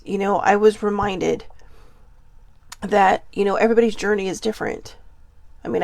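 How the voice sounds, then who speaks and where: Podcast host, forties, female, gravelly edge, earnest and rambling, dry booth sound. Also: medium pitch, no room sound. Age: 40s. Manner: rambling and earnest, many fillers and restarts. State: getting emotional. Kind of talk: casual personal monologue.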